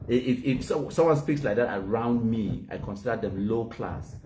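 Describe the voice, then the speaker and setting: A man's voice: medium pitch, moderate pace, mellow, a little hiss or hum. A man from Cameroon with a Cameroonian Pidgin English accent, chatting casually as a host in a boastful, mocking way and laughing at his own jokes. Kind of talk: casual banter.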